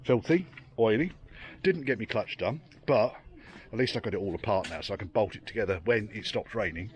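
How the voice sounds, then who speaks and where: A man's voice: lowish voice, fairly quick, dull audio. A tired, rain-soaked man talking casually as he works on old vehicles outdoors, muttering, swearing freely and making dry asides. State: tired and soaking wet. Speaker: classic car restorer vlogger.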